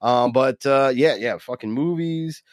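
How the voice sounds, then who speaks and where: Profane, excitable podcast co-host man. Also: mid-range voice, a little slow, dry recording. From US East Coast. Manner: loose, profane and enthusiastic, trails off. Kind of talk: casual podcast chat.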